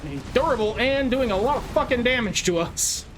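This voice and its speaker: A man's voice: very high voice, expressive, a little fast, background noise. A man playing a video game and chatting casually, blunt and swearing often. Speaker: player at the controls. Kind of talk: casual gameplay chat. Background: game music.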